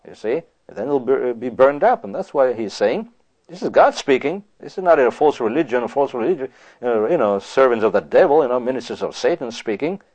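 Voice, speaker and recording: A man preaching a sermon, asking rhetorical questions and reading scripture slowly and deliberately. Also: medium pitch, lively intonation, a little mellow.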